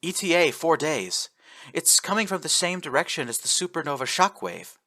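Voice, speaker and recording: A man's voice: fairly high pitch, sing-song, moderate pace, pushed and bright, pitched above the performer's own voice. A man voicing an injured crew officer giving a tense warning report.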